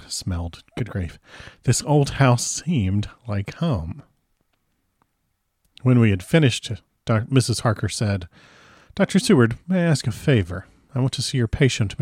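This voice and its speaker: A man's voice: lowish voice, a little mellow, no room sound, clean studio sound. A man reading a classic novel aloud chapter by chapter, breaking off for chatty, casual asides. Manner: chatty asides between read passages. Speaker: audiobook reader.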